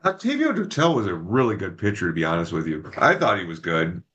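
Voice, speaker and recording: A man chats loosely on a podcast, cursing constantly and acting out every quote. His pitch swings widely and his tone is bright and forceful. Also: fast talker, breathy edge, muffled recording. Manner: profane, animated storyteller, acts out quotes. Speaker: podcast co-host. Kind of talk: casual chat, storytelling.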